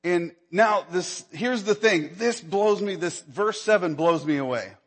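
A pastor with a husky voice and lively intonation preaches unhurriedly in a big, reverberant room. His sermon is conversational, with the Bible story's dialogue acted out and his pitch climbing when he's moved.

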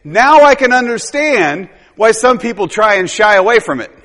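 Very animated, a high-voiced male pastor rambles through his sermon, leaning on tag questions and short chuckles. The tone is fairly bright, and a long echo from the church hall trails behind every phrase.

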